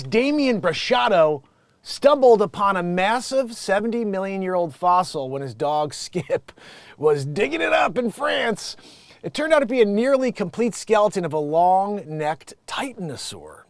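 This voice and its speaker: A man hosting a comedy news show, joking and swearing as he reads headlines and swings into loud bits. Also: sits high, no echo.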